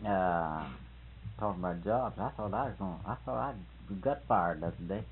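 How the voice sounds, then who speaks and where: A man's voice: low voice, expressive, moderate pace, a little hiss or hum. A man in casual conversation telling a folksy, colloquial story about a quarrel with his boss, playing out both sides. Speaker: groundskeeper telling a work story. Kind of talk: casual storytelling among friends. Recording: tinny lo-fi phone-band recording.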